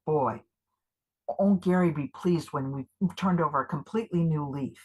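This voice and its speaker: A woman performs live improv as an eager, jittery older activist who gushes over every idea and worries about being found, coming across as excitable and a little paranoid. Her voice is low with a breathy edge, at a moderate pace, and the audio is poor.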